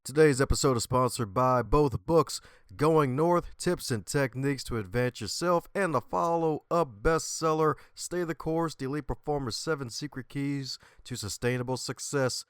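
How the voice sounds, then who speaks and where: Male podcast host, playful hype-man patter, catchphrase-heavy, mid pitch, dry close sound. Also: moderate pace, clear, resonant tone, no echo, soft background music.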